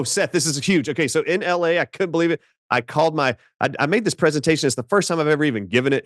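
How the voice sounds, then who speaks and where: A man speaking as a doctor guest in an interview, telling stories in an emphatic, animated way. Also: mid-range voice, dry recording, clean studio sound.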